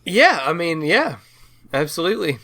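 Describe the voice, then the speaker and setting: A man's voice: fairly high pitch, big pitch swings, moderate pace, bright, forceful tone. A man playing in a tabletop game, talking in a rambling way with many restarts and casual swearing. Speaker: player. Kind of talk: casual chat in character discussion.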